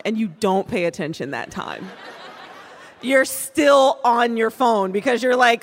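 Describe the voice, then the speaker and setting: Animated woman doing a comic bit in a hall. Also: on the high side, moderate pace. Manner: lively, mimics voices in quotes. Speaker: comedy show guest. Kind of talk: comic monologue. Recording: reverberant live venue.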